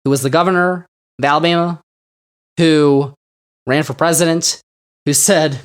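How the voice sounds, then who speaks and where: A man's voice: fairly high pitch, steady tone, normal speed, pauses often, smooth. A man hosting a podcast who comments on the news in a casual, sarcastic way, with mocking asides. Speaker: podcast host.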